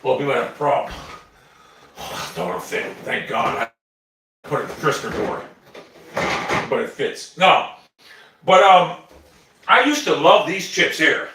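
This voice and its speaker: Man, casual livestream chat, rambling, profane, lively pitch, echoey kitchen, phone audio. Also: unhurried, pauses often. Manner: rambling, profane, easily excited. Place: home kitchen.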